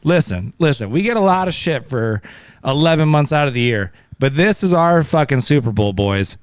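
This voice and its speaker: A man's voice: a little high, animated, normal speed, clean tone, dry recording. A man co-hosting a casual podcast, loose and joking, with swearing. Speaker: podcast co-host. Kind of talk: casual drunk podcast banter.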